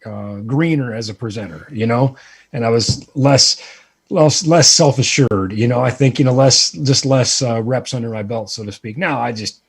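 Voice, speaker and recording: A man guest telling a self-deprecating story in casual chat, animated and rambling with lots of fillers. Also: medium pitch, moderate pace, creaky, husky. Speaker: guest, lighting presenter.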